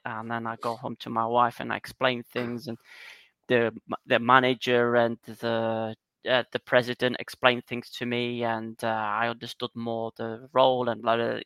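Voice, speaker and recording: A man co-hosting a podcast, retelling things in a rambling, animated way with lots of fillers. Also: mid-range voice, measured pace, clear, resonant tone, dry recording. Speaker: podcast co-host. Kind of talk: casual chat.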